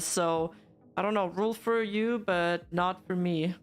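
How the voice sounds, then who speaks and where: A woman's voice: medium pitch, normal speed, soft background music. A woman hosting a casual interview, answering supportively and backing up her guest with short replies. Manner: supportive, frequent short backchannels. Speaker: host, VTuber interviewer.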